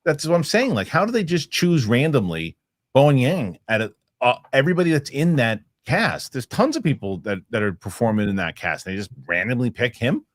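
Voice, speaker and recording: A man's voice: medium pitch, a little fast, dry recording, studio quality. A man hosting a casual movie chat show, reading viewer comments and joking with his co-hosts. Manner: animated, acts out sketch voices. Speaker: host.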